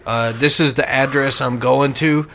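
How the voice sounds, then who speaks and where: A man's voice: medium pitch, fairly even intonation, measured pace, bright, forceful tone, a little hiss or hum. A man in casual chat, answering in an easygoing, laid-back way.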